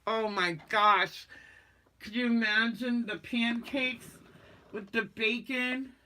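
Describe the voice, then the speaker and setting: Slow-talking chatty woman livestreamer. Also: on the high side, steady tone, bright, forceful tone. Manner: chatty, folksy, reads viewer comments aloud. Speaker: livestream host reading chat. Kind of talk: casual live-stream chat.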